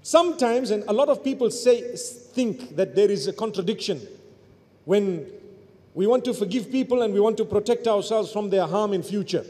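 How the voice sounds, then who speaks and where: High-voiced male preacher in echoing hall. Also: lively intonation, normal speed. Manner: rises to near-shouts, then drops to soft low murmurs. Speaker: Islamic preacher. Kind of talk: sermon. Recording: long hall reverb.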